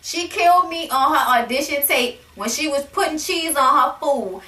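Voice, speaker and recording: A high-voiced woman rants about a reality TV episode in a sassy, blunt, profane way. Her voice is bright. The room is echoey and she sits a little back from the mic. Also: expressive, moderate pace, distant mic. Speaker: reality TV reviewer. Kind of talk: casual rant to camera.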